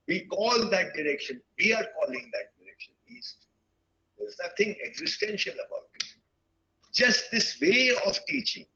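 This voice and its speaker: A man in his sixties from India, giving an earnest, reflective lecture to teachers and pausing often mid-sentence. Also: sits high, sharp tone, highs cut off. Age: 60s. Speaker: guest speaker at a teachers' webinar. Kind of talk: lecture-style talk.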